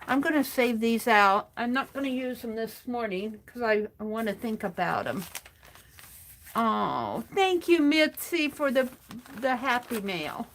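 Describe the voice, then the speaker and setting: A middle-aged woman hosting an art journaling livestream, chatting warmly with viewers by name and reading their comments aloud while she works. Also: on the high side, a little hiss or hum. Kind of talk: casual chat while crafting.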